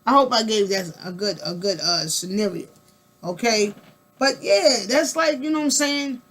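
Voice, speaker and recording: A woman's voice: a little high, moderate pace, a bit bright. A woman vlogger in a casual spoken monologue, emphatic and colloquial, repeating words and firing rhetorical questions at the listener. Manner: colloquial, rambling with restarts.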